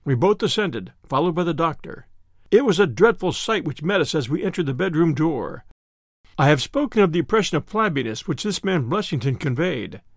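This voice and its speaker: A man narrating a classic story as an audiobook reader, in measured storytelling. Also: a little high, expressive, no room sound, studio quality.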